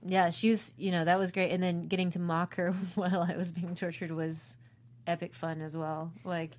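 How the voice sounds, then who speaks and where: A woman's voice: lowish voice, normal speed. A young woman actress chatting casually about a role she played, laughing often and telling stories with quoted lines. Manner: laughs often, animated storytelling with acted quotes. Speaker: actress discussing her role. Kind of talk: casual chat.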